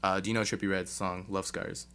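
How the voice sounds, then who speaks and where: A man's voice: low-pitched, flat delivery, fairly quick, sharp tone, clear, resonant tone. A man being interviewed as a guest rapper, talking casually and hesitantly with many fillers. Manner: hesitant, many ums and likes.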